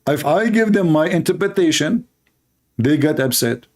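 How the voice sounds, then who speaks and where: A man's voice: fairly high pitch, expressive, moderate pace, a little mellow. Sarcastic man. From Middle East. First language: Arabic. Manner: sarcastic, mocking, blunt. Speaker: Christian apologist. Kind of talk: mocking debate commentary.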